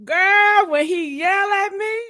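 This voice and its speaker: A woman's voice: very high-pitched, slow, pushed and bright, dry recording, clean studio sound. A woman host in casual live-stream chat, sassy and laughing often, drawing out her words.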